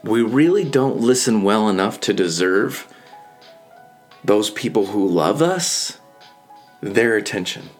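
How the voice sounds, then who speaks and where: A man delivers an earnest, reflective monologue in a casual, conversational way, repeating phrases for emphasis. His voice sits fairly low. Faint music plays underneath. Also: expressive, takes it slowly, pauses often. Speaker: speaker giving a reflective talk. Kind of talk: motivational monologue.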